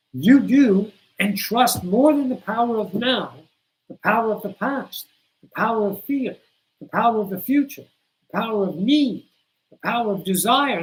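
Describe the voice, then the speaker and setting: With a medium-pitched voice over a low-quality recording, a woman leads a spiritual livestream. She talks bluntly to viewers, cursing freely in a preachy style and pressing her points with insistent repetition.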